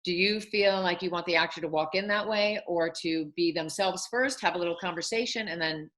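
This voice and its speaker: Lower-voiced woman host, bright tone. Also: a little fast. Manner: asks long winding questions. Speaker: host and acting coach. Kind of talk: interviewing a guest.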